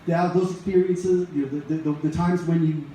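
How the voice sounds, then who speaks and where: Middle-aged guy rambling through a story to a crowd, kinda high mellow voice, super echoey hall. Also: fairly even intonation, brisk. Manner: conversational, rambling, many restarts and asides. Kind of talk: personal storytelling to a live audience. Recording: very echoey room, faint ambient noise.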